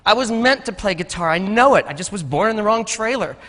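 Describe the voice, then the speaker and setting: High bright guy telling jokey folksy stories on a stage, big echoey hall. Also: lively intonation, brisk, background noise. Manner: folksy, joking storyteller. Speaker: conference speaker. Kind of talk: storytelling keynote talk. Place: conference stage.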